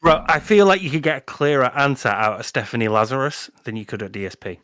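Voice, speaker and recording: A man's voice: medium pitch, fast, fairly bright tone, no room sound, studio quality. A man giving casual reaction commentary as a co-host guest. He sounds sardonic and analytical and mocks people by imitating them.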